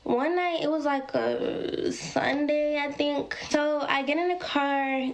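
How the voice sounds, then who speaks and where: A woman's voice: high voice, steady tone, slow. A woman casually telling a personal story, dramatic and talking straight to her viewers. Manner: dramatic, addresses viewers as y'all.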